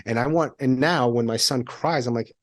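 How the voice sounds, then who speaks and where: A man in his thirties speaking openly as a podcast guest, with a middle-pitched voice. He laughs often and jumps up in pitch when he acts out what others said. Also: normal speed. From Iranian heritage. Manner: candid, laughs often, acts out quotes in a raised voice. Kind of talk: conversational interview.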